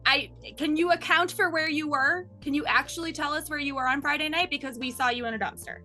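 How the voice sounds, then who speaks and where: Woman player, high and bright, quick and accusing. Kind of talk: tabletop game play.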